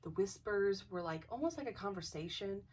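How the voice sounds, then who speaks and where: A woman's voice: medium pitch, lively intonation, brisk, darkish tone, slightly rough, recorded from a distance. A young woman casually telling a ghost story, hesitant, with many restarts and dips into near-whispers.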